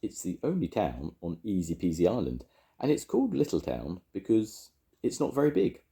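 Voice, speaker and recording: An older man reading a children's story aloud, gently chatting with young listeners between lines. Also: low-pitched, huge pitch swings, moderate pace, creaky. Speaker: storytelling grandad.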